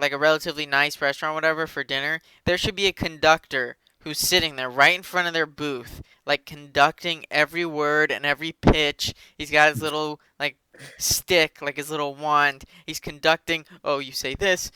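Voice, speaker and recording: A man's voice: on the high side, bright, forceful tone, clear, resonant tone, no echo. A man hosting a casual podcast, chatting in a rambling, joking way. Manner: rambling, joking, full of fillers. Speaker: podcast host. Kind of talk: casual chat.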